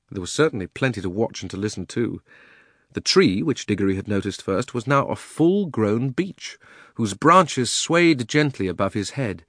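A man narrating a children's fantasy audiobook in a measured, expressive storytelling manner. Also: fairly low pitch, no echo, studio quality. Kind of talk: audiobook reading.

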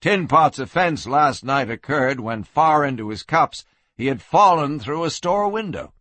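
A man narrating a western story in lively scripted narration. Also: on the high side, a little slow, dry recording. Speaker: audiobook narrator.

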